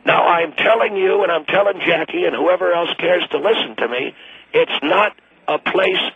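A man's voice: sits high, normal speed, husky, no room sound. A man in his late seventies, a retired attorney calling in to a radio show, talking in a blustery, crude and blunt way. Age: 70s. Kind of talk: call-in radio talk. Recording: tinny phone line.

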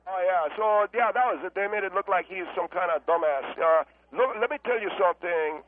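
A man's voice: sits high, brisk, a little hiss or hum. A man talking by phone on a radio show, blunt and rambling with many fillers. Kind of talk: casual talk radio chat. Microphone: telephone. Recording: tinny phone line.

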